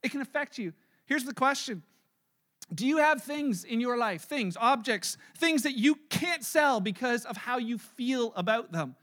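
High-voiced, forceful pastor preaching. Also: male voice, a little slow. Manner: animated, acts out everyday scenarios in little voices. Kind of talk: sermon. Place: church service.

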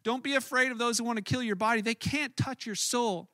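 A man's voice: very high voice, brisk, sharp tone, no echo, studio quality. A man preaching a sermon in an earnest, conversational way, often restarting his words. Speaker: pastor.

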